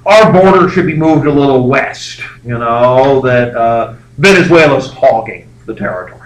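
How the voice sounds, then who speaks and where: A man putting on a high, mocking voice as smug British imperial officials in a classroom lecture. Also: animated, normal speed, natural voice. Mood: indignant. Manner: mocking, high-pitched, sing-song. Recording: roomy classroom echo, faint noise.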